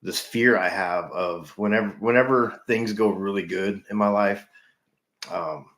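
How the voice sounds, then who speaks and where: A middle-aged man chatting with livestream viewers, earnest and halting, often repeating himself. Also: fairly low pitch, fairly bright tone. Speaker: livestream host in recovery. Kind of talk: casual livestream chat with viewers. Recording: echoey room.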